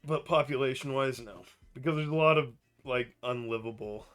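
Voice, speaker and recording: A young man from Idaho, co-hosting a podcast, telling stories in an animated, profane way and laughing as he talks. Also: mid-range voice, normal speed, smooth, faint music behind. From Idaho, United States. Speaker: podcast co-host. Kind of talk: casual storytelling chat.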